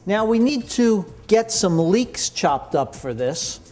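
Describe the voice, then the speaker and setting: Upbeat guy running a cooking class, bit high voice, loves everything he makes. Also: very animated, takes it slowly, a little mellow, soft background music. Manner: enthusiastic, chatty, full of praise. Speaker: cooking instructor. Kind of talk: cooking demonstration. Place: kitchen.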